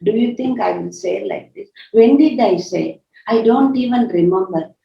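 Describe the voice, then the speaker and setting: A woman's voice: mid-range voice, normal speed, vocal fry. A woman, a religious sister, giving a spiritual retreat talk, emphatic, repeating key words and asking rhetorical questions. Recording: echoey, slightly dull recording.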